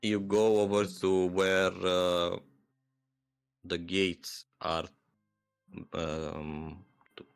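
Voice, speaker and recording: A man narrating as game master of a tabletop game, halting with many fillers. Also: low-pitched, level tone, clear, resonant tone, soft background music.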